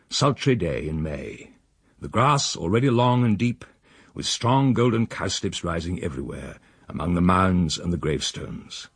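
A man reading a story aloud in an expressive, wry manner. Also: husky, dry recording. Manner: expressive, sweeping pitch, wry. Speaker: narrator. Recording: dry close recording.

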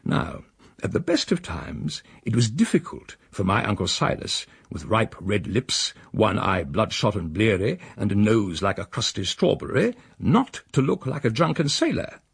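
A man reading a story aloud in an expressive, wry manner. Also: moderate pace, gravelly, husky, no room sound. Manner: expressive, sweeping pitch, wry. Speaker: narrator. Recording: dry close recording.

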